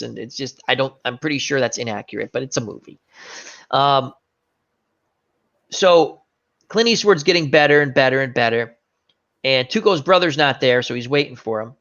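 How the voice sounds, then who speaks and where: A man's voice: on the high side, brisk, a bit bright. A man hosting a casual chat, retelling scenes animatedly with fillers and self-corrections. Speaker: host. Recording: dull lo-fi recording.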